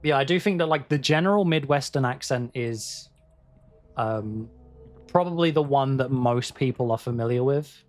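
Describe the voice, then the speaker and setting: A man's voice: medium pitch, moderate pace, a little mellow, soft background music. A man hosting a game livestream, chatting casually with viewers in a rambling way, with restarts and the odd swear word. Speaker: livestream host playing a game. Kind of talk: casual chat with viewers while gaming.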